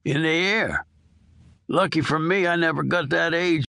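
A man's voice: fairly high pitch, measured pace, vocal fry, bright, forceful tone, no room sound, pitched above the performer's own voice, full character voice. A man doing a crude old convict. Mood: bitter. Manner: coarse, drawling, wheedling then demanding. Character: dying old male prisoner, crude, pushy, foul-mouthed.

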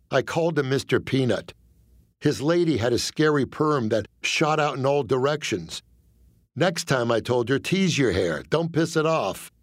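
A male comedian narrating his own memoir as a comic audiobook, deadpan and self-deprecating, on a close studio mic. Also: mid-range voice, dry recording.

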